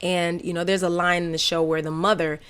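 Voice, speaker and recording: A woman's voice: on the low side, a little fast, smooth. Candid Southern-accented woman telling stories. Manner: candid, animated, many fillers. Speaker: podcast host. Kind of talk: casual personal storytelling.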